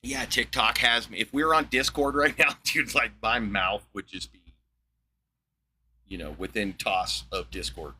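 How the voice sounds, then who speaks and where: A man hosting a livestream, ranting in a blunt, profane, excitable way, with a wheezy laugh. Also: on the low side, measured pace, slight background noise. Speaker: livestream host. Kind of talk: casual livestream rant.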